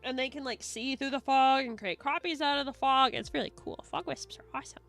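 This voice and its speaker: Bright, excitable woman streamer. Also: sits high, brisk, faint music behind. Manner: rambling, excitable, swears and giggles often. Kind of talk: casual stream chat.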